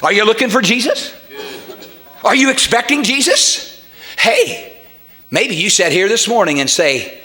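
A man preaching a sermon as pastor, swinging into loud shouted passages and stumbling over repeated words. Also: high-pitched, lively intonation, unhurried, long pauses.

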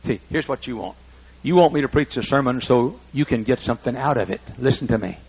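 A man in his sixties preaching a sermon, emphatic and repetitive as he builds toward shouting. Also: mid-range voice, fairly quick, husky, highs cut off. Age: 60s. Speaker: pastor.

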